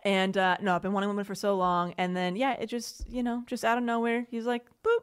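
A woman's voice: medium pitch, flat delivery, brisk, smooth. A woman in her late twenties co-hosting a podcast, talking candidly and casually and swearing freely. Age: late 20s. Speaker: podcast co-host. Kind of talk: casual chat.

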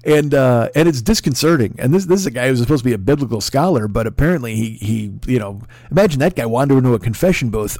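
A man riffs through a comedy podcast monologue, cursing freely and rambling from tangent to tangent. His voice sits in a middle pitch and jumps into loud, excitable bursts. The recording is dry and close, with no room echo. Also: fast, few pauses. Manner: rambling, profane and excitable, with sudden loud outbursts. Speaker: podcast host.

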